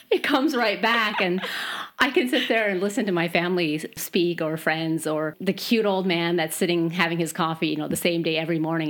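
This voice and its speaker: A woman from Michigan's Upper Peninsula with a softened Yooper accent, chatting casually and laughing often. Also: on the low side. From Upper Peninsula of Michigan, USA. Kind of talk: casual conversation.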